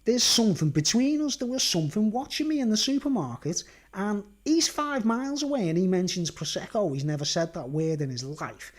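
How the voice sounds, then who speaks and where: A man with a Merseyside accent talks at home on a casual livestream, his high-pitched, animated voice moving fairly quickly with hardly any pauses. Telling a long story, he's emphatic about his points and keeps checking in with "right?" and "do you understand?"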